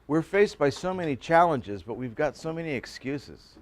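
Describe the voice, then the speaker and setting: Folksy older preacher with a raised pitch. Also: male voice, animated, normal speed, no echo. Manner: folksy storytelling with jokes and acted-out quotes. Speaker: pastor. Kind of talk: sermon at a men's breakfast.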